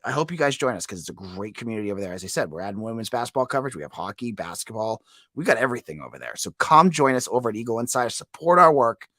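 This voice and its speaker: A man's voice: mid-range voice, very animated, racing, bright, forceful tone, no echo, clean studio sound. A man hosting a casual sports podcast with a head cold and a froggy voice, chatty and given to restarts and tag questions. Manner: chatty, repeats words, asks "right?". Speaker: podcast host.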